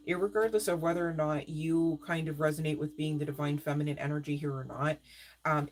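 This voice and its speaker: A woman doing a live-stream tarot reading, talking straight to viewers in a chatty way, often asking "right?" and laughing. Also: low voice. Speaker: tarot reader.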